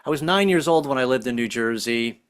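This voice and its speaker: A man's voice: mid-range voice, expressive, brisk, clean tone. A man in his sixties doing a jokey stand-up comedy set over a video call, slipping into silly voices. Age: 60s. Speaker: stand-up comic.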